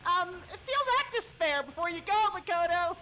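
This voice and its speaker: Squeaky sadistic bear mascot, swoopy and mean, music under it. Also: female voice, expressive, moderate pace, pushed and bright, full character voice. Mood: mocking. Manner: taunting, gleeful menace. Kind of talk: game let's play voice acting.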